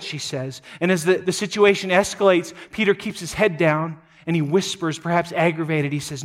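A man preaching a sermon, retelling a scripture story dramatically, moving between loud emphatic passages and quiet low asides, often repeating words as he goes. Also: steady tone, normal speed, few pauses. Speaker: pastor.

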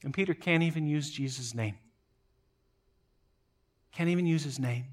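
Guy preaching, kinda high voice, gets loud then goes real quiet, repeats words a lot. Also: moderate pace. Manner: dramatic, swings from loud emphatic passages to quiet low asides. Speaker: pastor. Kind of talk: sermon.

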